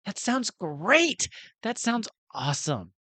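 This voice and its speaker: A man voicing an excited, nosy little girl in a tabletop game, in a high squeaky voice. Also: moderate pace, dry recording, exaggerated voice. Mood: delighted. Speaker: game master.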